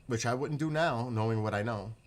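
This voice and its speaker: A man's voice: mid-range voice, a little fast. Middle-aged man, casual rambling storyteller, salty language, mid-range voice, loose delivery. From northeastern US. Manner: rambling, profane, animated retelling. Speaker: vlogger telling stories.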